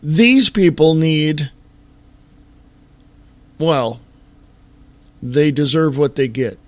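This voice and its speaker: A podcast host speaks in a slightly raised voice, ranting with exasperation. He drags his words out slowly and deliberately, with sighs between them. The recording is dry and close, with no room sound. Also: a little high, animated, dry recording. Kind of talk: opinionated solo podcast commentary.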